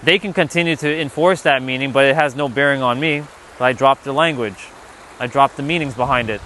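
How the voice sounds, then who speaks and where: A man's voice: medium pitch, a little fast, fairly bright tone, a little hiss or hum. A man hosting a casual spiritual livestream, rambling loosely, reading the chat and swearing now and then.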